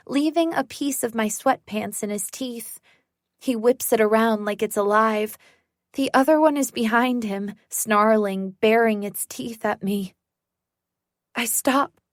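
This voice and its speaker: A woman narrates a first-person thriller audiobook, her voice sitting a little high. She reads very slowly, letting the tension build. The sound is dry and close. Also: no room sound.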